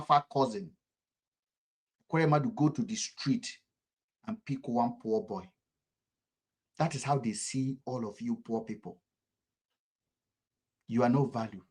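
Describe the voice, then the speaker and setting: Nigerian male commentator, mid-pitched, fervent and repetitive, jumps between loud outbursts and quiet lines. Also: normal speed, long pauses, husky. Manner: fervent, repetitive, sharp swings in loudness. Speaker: political commentator. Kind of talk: impassioned political commentary.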